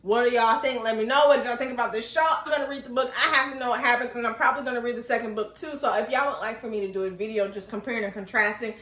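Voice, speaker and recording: A woman vlogger recaps a TV episode in a bright, high voice. She talks in an animated, emotional way, laughing often and putting questions to her viewers. Her voice rings in an echoey room. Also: racing, few pauses. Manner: addresses viewers with rhetorical questions. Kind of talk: casual recap vlog.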